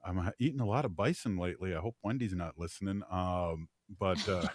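A man with a very deep voice hosts a laid-back radio talk show. He rambles warmly through stories, filling gaps with ums and uhs and laughing easily. The studio sound is dry and close. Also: fairly quick, no room sound. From United States. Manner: relaxed, rambling, laughs easily, many fillers. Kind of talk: casual radio chat.

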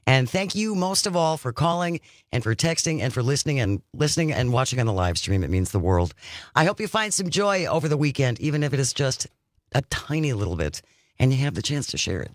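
Lively radio host woman, dry studio sound. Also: a bass voice, a little fast, no room sound. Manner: chatty, reads news items aloud. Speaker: radio talk show host. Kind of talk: casual radio chat. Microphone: studio microphone.

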